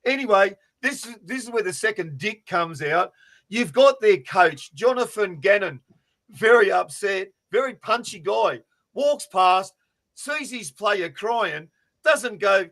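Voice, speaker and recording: A man co-hosting a fantasy sports podcast, telling stories in a loud, sweary, animated way over a remote call. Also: sits high, unhurried. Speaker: podcast co-host.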